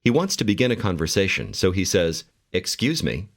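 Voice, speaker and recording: A man giving calm, measured instructions as the narrator of a language course. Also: low voice. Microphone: studio mic.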